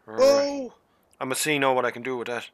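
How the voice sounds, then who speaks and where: A man's voice: medium pitch, brisk, no echo. A man hosting a casual gaming stream with friends, swearing freely and telling stories. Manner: swearing, storytelling, excitable. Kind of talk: casual chat among friends.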